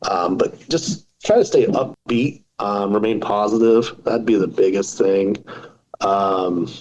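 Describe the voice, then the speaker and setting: A man's voice: fairly low pitch, slow pace, darkish tone, muffled recording. A man in his forties, a podcast guest, talking casually and telling self-deprecating jokes. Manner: joking, self-deprecating storyteller. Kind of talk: casual interview talk.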